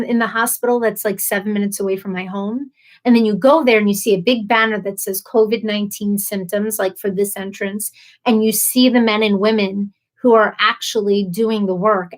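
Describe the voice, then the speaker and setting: A woman hosting a casual live stream, reading viewer comments aloud, chatty and emotional, laughing often and stumbling over names. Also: mid-range voice.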